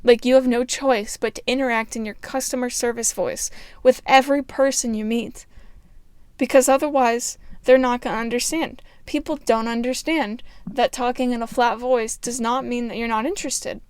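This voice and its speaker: A woman speaking in a naturally flat, even tone, earnest and explanatory in a casual solo monologue. Her voice sits a little high and sounds smooth and clear, recorded close in a dry space. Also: normal speed, no room sound. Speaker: podcaster.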